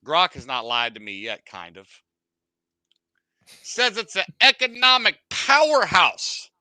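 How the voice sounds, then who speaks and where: A man's voice: high voice, wildly swooping pitch, slow, sharp tone, no room sound. A man from the United States hosting a casual podcast, rambling and joking with a lot of profanity. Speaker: podcast host.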